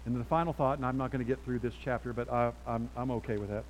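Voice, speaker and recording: A middle-aged man preaching a sermon as pastor, animated and chatty, dropping to quiet asides and then getting loud. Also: medium pitch, fast, slight background noise, low-quality recording.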